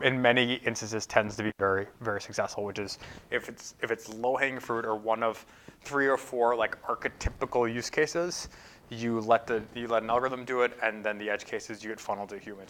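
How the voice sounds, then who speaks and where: A man with a lowish, fairly bright voice answers audience questions as a guest during a conference Q&A. He's thoughtful, though his replies are full of fillers and restarts.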